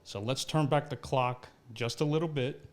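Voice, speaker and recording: A male talk show host interviewing a guest, curious and quick to follow up with questions. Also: medium pitch, a little mellow.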